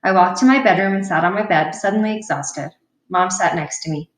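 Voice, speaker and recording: A woman's voice: lowish voice, a little fast. Woman reading a novel in a roomy room. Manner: plain, unpolished reading with an occasional slip. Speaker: audiobook reader. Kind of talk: reading a children's novel aloud. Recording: roomy sound from a distant mic.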